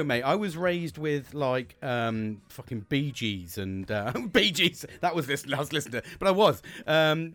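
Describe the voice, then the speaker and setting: A British man in his thirties talks through his solo podcast in a loose, rambling way, swearing constantly and full of upbeat energy. His voice runs a touch high and swings widely in pitch. The sound is dry and close, with no room around it. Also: fairly bright tone, no echo. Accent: British English. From Britain. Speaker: podcast host. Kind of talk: casual solo podcast chat.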